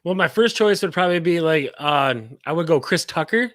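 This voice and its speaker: A man's voice: on the high side, lively intonation, a little fast, fairly bright tone, no echo, studio quality. A man joining a movie podcast as a guest, talking in a laid-back, modest way. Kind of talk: casual chat.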